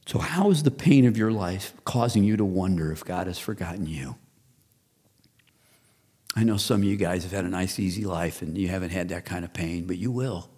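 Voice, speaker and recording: A man in his fifties, a pastor preaching a sermon, who builds to loud rhetorical questions and then drops low and soft. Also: moderate pace, slightly rough.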